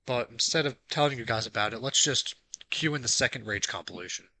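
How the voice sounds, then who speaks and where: A young man hosting a gaming channel, calmly recapping his trophy hunt, then ranting and swearing angrily at the game's controls. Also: medium pitch, brisk, no echo, rough recording. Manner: swears heavily and rants when frustrated; calm, dry recap narration. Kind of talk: recapping gameplay with a raging clip.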